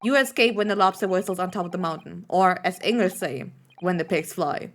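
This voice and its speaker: A woman's voice: lowish voice, brisk, a little hiss or hum, close to an everyday voice. A woman reading the lines of a stern male ship officer, speaking in clipped, blunt orders.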